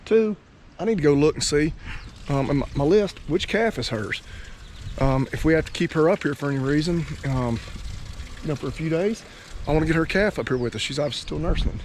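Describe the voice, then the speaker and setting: Winded, folksy farmer vlogging outdoors. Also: male voice, fairly high pitch, expressive, brisk, a little mellow. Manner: folksy and chatty, with dad jokes. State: out of breath and tired after working a cow. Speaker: cattle farmer and channel host. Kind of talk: casual farm vlog talk. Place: outdoors on a cattle farm. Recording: faint outdoor background noise.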